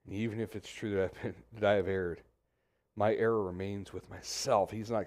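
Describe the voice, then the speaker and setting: Animated pastor preaching. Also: male voice, fairly low pitch, normal speed. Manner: animated, conversational, talks straight to the congregation. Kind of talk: sermon. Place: church sanctuary.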